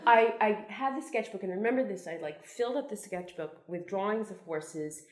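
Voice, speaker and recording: In a mid-range voice with lively intonation and a fairly quick pace, a cartoonist in her sixties from Brooklyn, New York entertains an audience. Her guest talk is anecdotal, wry and self-deprecating, meandering through frequent restarts and asides.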